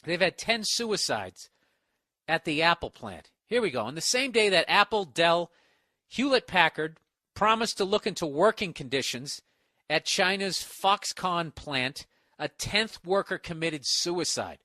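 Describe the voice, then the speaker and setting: A man's voice: fairly high pitch, expressive, unhurried, bright, forceful tone, dry recording, clean studio sound. A man hosting a podcast, delivering a profane, mocking, rambling comedic rant. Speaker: podcast host.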